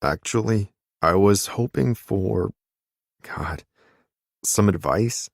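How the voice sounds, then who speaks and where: A man's voice: lowish voice, slow pace, creaky, no echo, clean studio sound, exaggerated voice. A male narrator voicing a grumpy adult chef and older brother, flustered and grudging.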